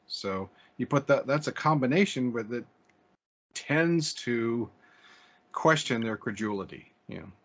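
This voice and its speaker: A man of middle pitch chats casually as a podcast co-host. He talks hesitantly and restarts his phrases. The recording is dull and lo-fi. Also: lively intonation, measured pace.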